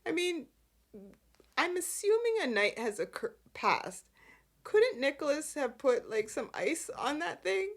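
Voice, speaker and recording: A woman hosting a podcast who recaps soap opera scenes casually, acting out the characters' lines and laughing often. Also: sits high. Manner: animated, acts out characters' lines in voices; laughs often while telling. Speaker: podcast host.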